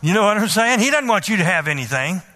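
A male preacher telling a personal story during a sermon. He is animated and often repeats words, and he breaks into loud pleading. His voice is high and very bright. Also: fast talker.

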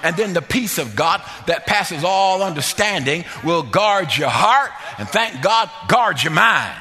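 A man preaching a sermon in a church, with an emphatic, repetitive cadence that often breaks into shouting, then leading prayer and an altar call. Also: high-pitched, expressive, a little slow. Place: church sanctuary. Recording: long church reverb with faint music.

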